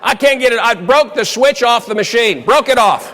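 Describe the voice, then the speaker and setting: A man's voice: very high voice, normal speed, a little hiss or hum. A man giving a motivational keynote, telling a funny story that turns earnest, in a big hall. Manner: animated comic storytelling that turns quiet and earnest. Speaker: motivational speaker. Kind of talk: storytelling keynote speech to a live audience. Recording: long hall reverb from a large venue.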